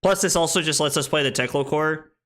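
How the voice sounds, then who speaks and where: Young guy streaming a card game, bright kinda high voice, goofy and self-mocking with chat. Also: fairly quick. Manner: playful, self-deprecating, chatting with viewers while playing.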